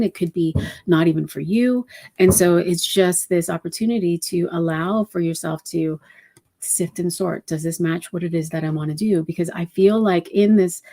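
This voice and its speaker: A woman with a lowish, warm and mellow voice leads a spiritual channeling talk. She speaks in a gentle, meandering way, reflecting aloud with many soft fillers. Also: vocal fry. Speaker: numerology reader and channeler.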